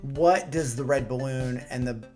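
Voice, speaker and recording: Low-voiced woman, mock-serious. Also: measured pace, darkish tone, faint music behind. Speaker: panelist. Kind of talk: comedic movie chat.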